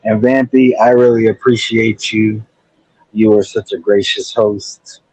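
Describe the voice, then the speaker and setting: A man's voice: lowish voice, flat delivery, measured pace, a little mellow, no room sound, rough recording. A man chatting casually as a guest on a livestream panel, in a laid-back, rambling way. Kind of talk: casual chat.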